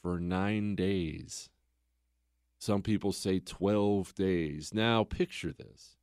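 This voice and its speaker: A man's voice: low voice, drawn-out words, darkish tone, clear, resonant tone, no room sound, clean studio sound. A man hosting a podcast who tells history casually and conversationally, full of rhetorical questions. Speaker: podcast host.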